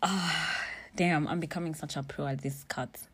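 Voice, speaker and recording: A young woman with a slightly low voice spills a personal story straight to camera. She talks bluntly and swears freely, keeping the telling animated and casual. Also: normal speed, slightly rough. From Kenya. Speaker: vlogger.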